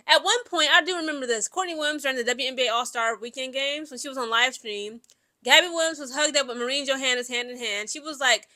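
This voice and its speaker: A young adult woman talks through her opinions, animated and opinionated, with plenty of filler words. Her voice sits high and sounds bright and forceful, with a lively, chatty delivery. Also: quick pace. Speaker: commentary vlogger. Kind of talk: casual opinion commentary.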